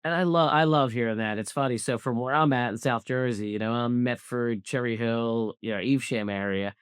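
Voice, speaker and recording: A man's voice: medium pitch, a little fast, clear, resonant tone, no echo, studio quality. A man from Southwest Philadelphia, a business founder being interviewed, talking bluntly and emphatically and repeating points for stress. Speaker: guest, cybersecurity business founder. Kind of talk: casual interview talk.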